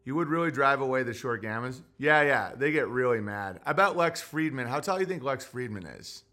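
A man's voice: mid-range voice, animated, a little fast, sharp tone. A man hosting a podcast, ranting casually in a profane, provocative, rambling way. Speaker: podcast host. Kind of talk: casual comic rant.

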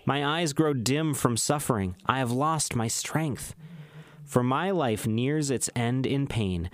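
A man's voice: mid-range voice, no room sound. Man reading scripture solemnly. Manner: measured, solemn delivery with slow emphatic phrases. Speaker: scripture reader. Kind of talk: unhurried Bible reading.

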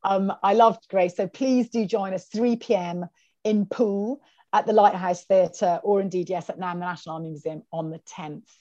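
This author, a woman with a medium-pitched voice and a normal speaking speed, is interviewed for a podcast via video call. Her chat is full of lively storytelling in which she mimics the people she quotes. There's no echo, but the high frequencies are cut off.

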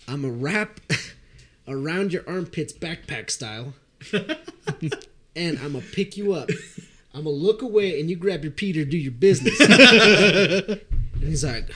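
A young man telling a drinking story in casual chat, animated and profane, often laughing. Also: fairly high pitch, measured pace.

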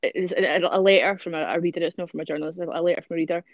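A Scottish co-host talks through things at length, full of ums and restarts. The voice sits at a middling pitch. The recording is dry and somewhat dull. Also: steady tone, racing, dry recording. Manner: explains at length, with many fillers. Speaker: podcast co-host. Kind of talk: casual chat.

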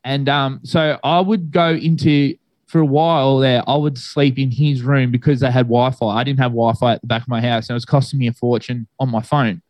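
A man's voice: medium pitch, steady tone, fairly quick, a little mellow, dry recording. A young man telling a long story in casual chat, rambling and laid-back with many fillers.

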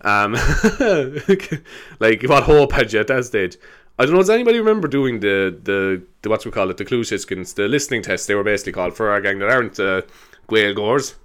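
A man's voice: lowish voice, very animated, a little fast, a bit bright, clear, resonant tone. An Irish man hosting a casual solo podcast, rambling and laughing as he tells stories. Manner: rambling, laughing, slipping into silly voices. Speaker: podcast host.

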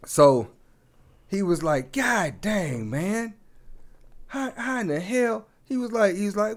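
A man's voice: high-pitched, takes it slowly. A man co-hosting a casual comedy podcast, telling a long joke and acting out each character's lines with frequent laughter. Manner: animated storyteller, acts out the characters' lines, laughs often. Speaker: podcast co-host.

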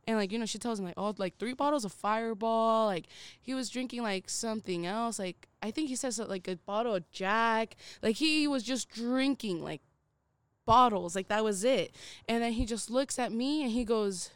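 A young woman co-hosting a podcast, telling a story in a casual, animated way, swearing freely and acting out the voices of people in it. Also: on the high side, normal speed, clear, resonant tone, dry recording. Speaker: podcast co-host.

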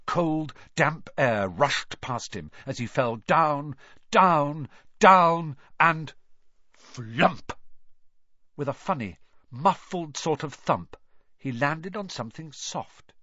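A man narrating a storybook in an expressive, dramatic way. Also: a little high, slow, no echo, lo-fi sound. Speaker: audiobook reader.

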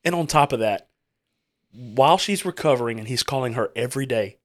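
A man's voice: mid-range voice, expressive, brisk. A man hosting a podcast, telling a story in a loose, rambling way with many restarts. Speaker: podcast host. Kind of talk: casual chat.

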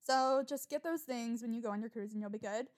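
A young woman runs a solo podcast, rambling animatedly, swearing, and working herself up as she goes. Her pitch is fairly high and her pace brisk.

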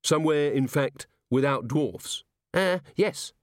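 A nervous young dwarf woman of the city watch, as a male reader puts her on, speaking in a high, quavering voice. She sounds timid and unsure in this audiobook scene. The sound is close and dry. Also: expressive, slow pace, dry recording. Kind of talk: audiobook character voice.

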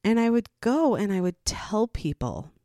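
A middle-aged mother speaks candidly and casually to viewers about her parenting life, with a medium-pitched voice at a normal speed. She's animated, acting out what people said in raised voices and laughing between points, in a studio-quality recording with no room sound.

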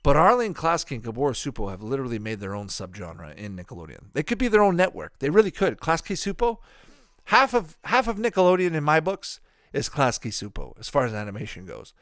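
A man's voice: mid-range voice, sing-song, fairly quick, a bit bright, no echo, clean studio sound. A man giving casual, rambling watch-along commentary on an old cartoon, profane and offhand with mocking asides. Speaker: cartoon reviewer.

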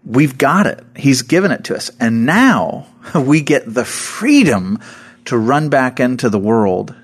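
A man co-hosts a casual devotional Christian podcast, talking earnestly about scripture. His voice is mid-range with a breathy edge and a measured pace. He laughs often and gives animated quotes.

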